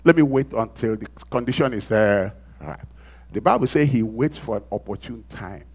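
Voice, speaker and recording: A man preaching a sermon, dramatically acting out quoted voices and swinging from loud exclamations to hushed asides. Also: fairly low pitch, lively intonation, moderate pace, husky.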